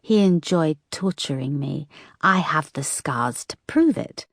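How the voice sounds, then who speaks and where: A woman reader voicing a muffled, calm female killer speaking slowly over the phone in a whispery voice. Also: sits low, vocal fry, dry recording, studio quality, heavily acted. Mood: cold, calm. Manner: slow, calm, menacing.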